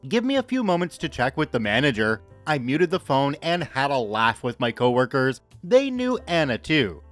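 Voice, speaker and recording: A man's voice: fairly high pitch, fairly bright tone. A man reading a scripted story aloud with a dry, wry storytelling manner, close to the mic. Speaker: story narrator.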